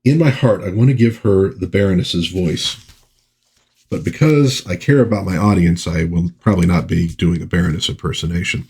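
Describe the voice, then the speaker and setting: A man's voice: low voice, normal speed, a little mellow. A middle-aged man reviewing a vintage comic book in a casual chat, reading the panels aloud and sometimes giving the characters playful voices.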